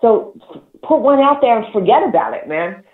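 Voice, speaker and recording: Emphatic and profane, this talk host hands out spiritual advice in a loose, repetitive, conversational flow. The voice arrives thin and phone-like, wrapped in a roomy echo, sitting mid-pitch. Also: lively intonation, normal speed. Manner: profane, emphatic, repeats words, laughs between points. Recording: echoey, tinny phone-like line.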